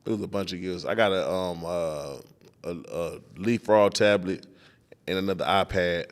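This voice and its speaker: A man's voice: low-pitched, moderate pace. A man in his thirties with a Houston accent, a guest on a podcast, telling stories in loose casual talk and acting out his daughter's lines. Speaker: rapper guest. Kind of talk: casual interview chat.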